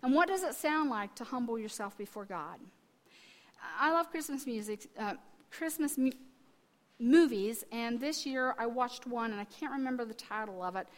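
A woman in her fifties preaching a sermon, telling family stories and swinging between quiet asides and loud, emphatic testifying. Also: on the high side, expressive, moderate pace.

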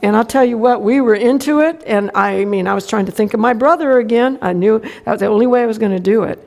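A middle-aged woman preaches a sermon, spinning a personal story in homespun fashion and performing the other people's lines herself. She talks quickly in a higher-pitched, gravelly voice with a somewhat dark tone.

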